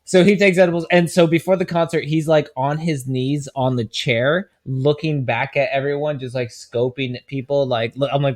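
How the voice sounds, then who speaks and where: A man co-hosting a podcast, telling a story in relaxed casual chat and swearing freely. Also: fairly high pitch, normal speed. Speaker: podcast co-host.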